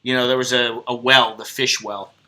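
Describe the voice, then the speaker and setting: Blunt, profane man with a bright voice. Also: medium pitch, flat delivery, moderate pace. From United States. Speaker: live stream host. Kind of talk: casual rambling live stream chat.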